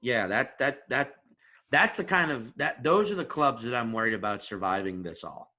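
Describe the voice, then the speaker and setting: A man co-hosting a comedy podcast, chatting casually and tossing in quick jokes. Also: medium pitch, animated, sharp tone. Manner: quick, joking reactions.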